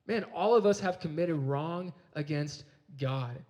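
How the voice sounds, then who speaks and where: A man's voice: fairly high pitch, measured pace, mellow. A young adult man giving a youth sermon, telling a personal story with energy and often repeating his words. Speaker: campus ministry speaker.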